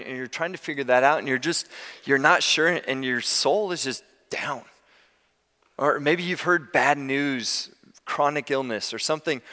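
A man preaching a sermon as pastor, telling stories in a conversational, animated way. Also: medium pitch, big-room sound.

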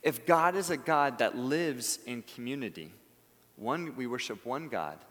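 A male pastor delivers a sermon in an earnest, pleading way. His voice sits in a middle pitch, climbing to emphatic bursts and then falling to near-whispered phrases. The sound carries a long reverb, as from a church sanctuary. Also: lively intonation, a little slow. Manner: earnest, building to emphatic peaks then dropping soft.

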